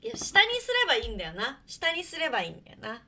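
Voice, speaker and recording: A chatty woman streaming live with a Japanese accent, her voice sitting a little high and sounding crisp and bright. She hops back and forth between Japanese and English in a loose, casual way. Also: huge pitch swings, rapid-fire.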